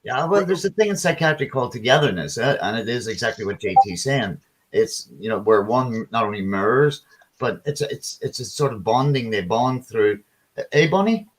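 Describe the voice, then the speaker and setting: A man's voice: mid-range voice, expressive, normal speed, low-quality recording. Dutch-born guy, mid voice, chill, says yeah a lot. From Netherlands. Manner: agreeable, lots of "yeah" and "man". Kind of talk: casual online chat.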